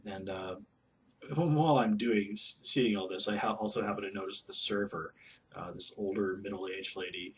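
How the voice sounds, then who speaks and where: A man telling a personal story in a casual, halting way, with many fillers and restarts. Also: fairly low pitch, fairly bright tone, far from the mic, a little hiss or hum. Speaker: vlogger.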